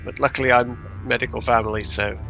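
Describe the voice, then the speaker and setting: Man, casual rambling chat, bright tense voice, mid pitch. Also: steady tone, quick pace, creaky, muffled recording, soft background music. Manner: chatty, rambling anecdotes with hesitations.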